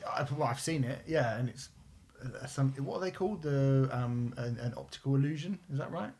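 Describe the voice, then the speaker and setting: A man co-hosting a podcast, chatting casually in a blunt, emphatic way. His voice sits at an ordinary mid pitch, and he tosses off swearing without fuss. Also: brisk, darkish tone, a little hiss or hum. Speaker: podcast co-host. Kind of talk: casual music review chat.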